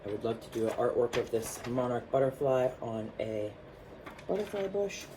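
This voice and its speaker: A man vlogging, telling a personal story in a chatty, animated way with lots of fillers while showing his artwork. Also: medium pitch, fairly quick, noisy background.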